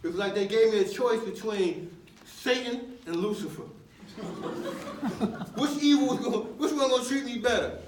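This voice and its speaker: High-voiced man telling his story in an echoey hall. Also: measured pace, long pauses. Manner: conversational, street slang, laughs often. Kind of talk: live personal storytelling talk. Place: university lecture room with audience. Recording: echoey room, mic at a distance, faint noise.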